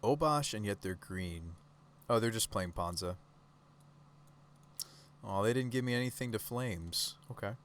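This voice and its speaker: Man, low-ish voice, casual live gameplay commentary, talks to chat. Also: lively intonation, a little slow, long pauses, a bit bright, a little hiss or hum. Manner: casual, chatty, talks to chat with rhetorical questions. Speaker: streamer.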